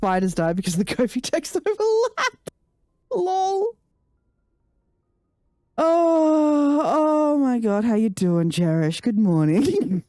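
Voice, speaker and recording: A woman's voice: high voice, very animated, takes it slowly, pauses often, dark tone, dry recording, clean studio sound. A woman live-streaming a game, ranting and swearing in casual chat with her viewers. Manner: profane, ranting, laughing.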